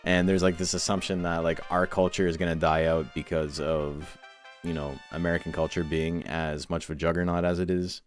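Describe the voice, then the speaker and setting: A man with a low voice chats loosely while hosting a game tournament stream, drifting between stories, swearing and laughing. Faint music plays quietly behind him. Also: flat delivery, brisk. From Toronto, Canada. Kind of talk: casual chat between matches.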